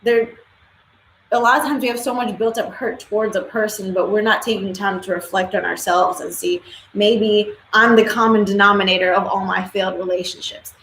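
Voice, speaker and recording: A woman's voice: mid-range voice, steady tone, normal speed, fairly bright tone. Woman live-stream host, blunt and outspoken with casual swearing, recorded in a roomy echo with a faint hum behind. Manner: blunt, opinionated, swears freely. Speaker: livestream host. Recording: echoey room with faint ambience.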